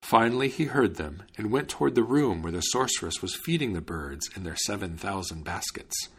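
A male storyteller reads a fairy tale aloud in a measured, expressive way. His voice sits fairly low, with a husky, breathy edge. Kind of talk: storybook narration.

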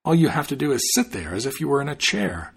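A man's voice: mid-range voice, very animated, moderate pace, breathy edge, exaggerated voice. A man reading the part of a naive, cheerful young traveler in a storybook tale, speaking eagerly.

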